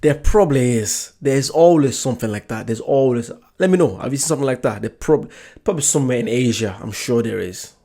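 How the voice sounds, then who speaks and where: A man's voice: mid-range voice, expressive, brisk, vocal fry, dark tone. A man hosting a reaction video, chatting casually to his viewers. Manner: chatty, reacts with short interjections. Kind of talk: casual chat.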